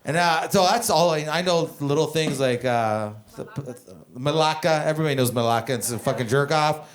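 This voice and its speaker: A man's voice: on the high side, moderate pace. A man from Canada doing a stand-up comedy set, telling rambling, profane stories on a club stage. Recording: comedy club with audience laughter.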